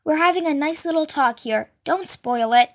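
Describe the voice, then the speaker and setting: A woman doing a cold, quiet biker boss. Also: sits high, moderate pace. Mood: menacing. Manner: quiet and threatening, clipped questions. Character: menacing male biker gang boss, cold.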